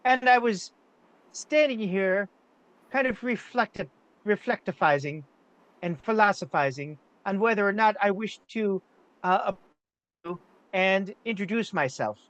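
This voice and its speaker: A man voicing a small, sly male rogue who flatters with overly formal, stumbling speech. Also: high voice, measured pace, long pauses, no room sound, low-quality recording. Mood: flustered courtly. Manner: fumbling, overly formal speech full of restarts.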